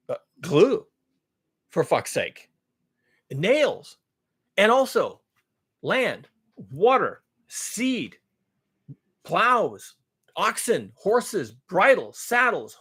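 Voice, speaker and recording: With a slightly rough, fairly bright voice that's a little high, this vlogger rambles bluntly through a monologue. He lists things at length, repeats himself, and swears occasionally.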